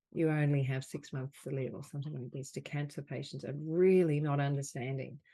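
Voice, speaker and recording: Woman slowly guiding a healing call. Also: low-pitched, creaky. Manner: gentle, slow repeated affirmations. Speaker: host of a group healing call. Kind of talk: guided group session.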